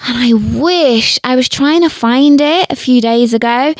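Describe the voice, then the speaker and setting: A woman with a Northern English accent hosts a podcast with eager, chatty energy. Her voice sits fairly high, and the recording is dry and close. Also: unhurried, dry recording. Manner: chatty and enthusiastic. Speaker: podcast host. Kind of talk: casual podcast conversation.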